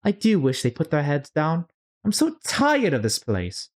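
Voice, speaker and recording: Male reader voicing a plaintive little girl, high and tearful, for a storybook read-along. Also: wildly swooping pitch, measured pace, exaggerated voice. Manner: distressed, plaintive.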